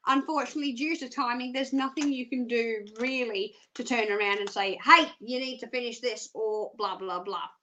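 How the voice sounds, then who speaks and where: A high, bright Australian woman hosting a psychic phone-in show. She talks in a chatty, self-mocking way with easy giggles, moving between crystal readings and cheerful pitches to callers. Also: a little hiss or hum, low-quality recording. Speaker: psychic phone-line presenter.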